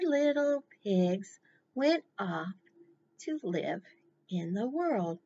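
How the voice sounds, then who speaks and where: Animated woman leading a children's storytime. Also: medium pitch, breathy edge, lo-fi sound. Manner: encouraging, slow, animated. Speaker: library storytime presenter.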